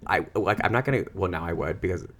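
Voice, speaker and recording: A man's voice: deep voice, quick pace. A man with a Midwestern accent, co-hosting a podcast in casual chat and telling stories with lots of laughter. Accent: Midwestern American. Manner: animated, laughing storyteller. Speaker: podcast co-host.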